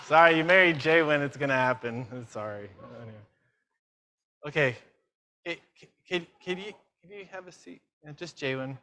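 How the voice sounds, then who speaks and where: Brisk bright-voiced man preaching. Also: fairly high pitch. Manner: lively, fires questions at the audience; self-mocking asides. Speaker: conference speaker. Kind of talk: conference sermon.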